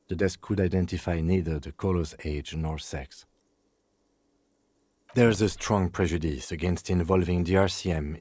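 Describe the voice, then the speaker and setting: Brief: a composed game cop, low husky mellow voice, dry and matter-of-fact. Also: male voice, no room sound. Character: calm reserved middle-aged police lieutenant.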